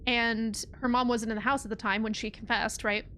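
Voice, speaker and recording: A woman's voice: fairly high pitch, little pitch movement, a little fast, fairly bright tone, slight background noise. A young woman streaming a game, talking casually and animatedly, swearing often and sounding exasperated. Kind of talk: casual gameplay commentary.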